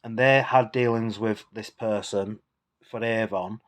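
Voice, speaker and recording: A man's voice: fairly low pitch, fairly even intonation, a little slow. A man, a bit tipsy from drinking, ranting in a rambling, sweary, indignant monologue for his vlog. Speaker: vlogger.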